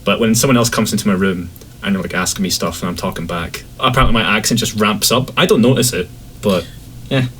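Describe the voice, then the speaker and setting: A man from Scotland with a light Scottish accent, chatting casually as a podcast guest in a relaxed, rambling way. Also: fast, a little hiss or hum, rough recording. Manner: relaxed, rambling, acts out quotes in a higher voice.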